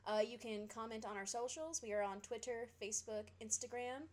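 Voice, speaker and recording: A woman's voice: fairly high pitch, a little fast, darkish tone. A young adult woman co-hosting a podcast, talking casually with lots of fillers and laughter. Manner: chatty, laughs often, many fillers. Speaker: podcast co-host. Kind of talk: casual chat.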